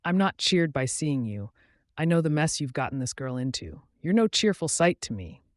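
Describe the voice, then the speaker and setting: A woman's voice: sits low, big pitch swings, moderate pace, no echo, clean studio sound. A man voicing a reproachful, sobbing Scottish woman friend in an audiobook. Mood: scolding.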